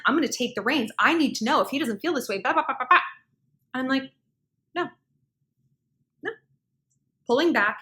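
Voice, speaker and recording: A woman in her thirties telling a relationship story to camera in a chatty, animated way, full of fillers and acted-out quotes. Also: on the high side. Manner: chatty, animated, many "like"s, acts out quoted dialogue. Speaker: relationship advice vlogger.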